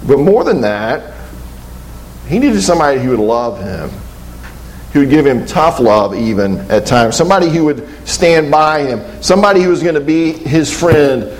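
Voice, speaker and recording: A man's voice: medium pitch, rough recording. A man as pastor, preaching a sermon in a conversational way, with rhetorical questions and quoted voices.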